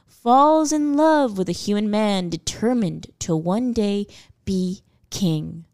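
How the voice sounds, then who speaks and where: A woman's voice: mid-range voice, darkish tone, no echo. Playful young woman, dry close sound. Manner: playful, jokey, laughs often. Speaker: podcast co-host. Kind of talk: casual chat.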